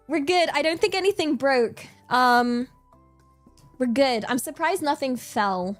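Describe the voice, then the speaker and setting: Woman streamer, slightly high voice, loose giggly chat with viewers, faint music underneath. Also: expressive, a little slow. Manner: chatty, giggly, reads out chat and thanks viewers; rambling, many fillers and restarts. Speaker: livestreamer.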